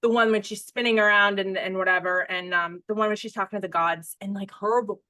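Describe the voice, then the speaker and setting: A woman's voice: medium pitch, steady tone, brisk, pushed and bright. An American woman in her thirties hosting a podcast, chatting in a gushing, rambling way and often breaking off mid-sentence. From United States. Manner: gushing, rambling, self-interrupting. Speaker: podcast host. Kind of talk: casual podcast chat.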